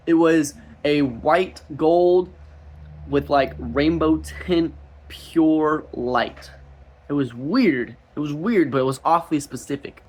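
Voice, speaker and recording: Young guy preaching a personal testimony, kinda high voice, rambles and restarts a lot. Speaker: street minister.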